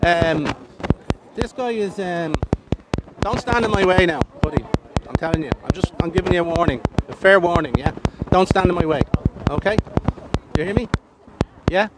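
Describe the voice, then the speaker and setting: An Irish man with a high voice confronts people on a city street. He taunts them and turns to his viewers. He is recorded outdoors on a handheld phone. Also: moderate pace, pauses often, heavy background noise. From Ireland. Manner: combative, taunting, addresses viewers. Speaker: street streamer.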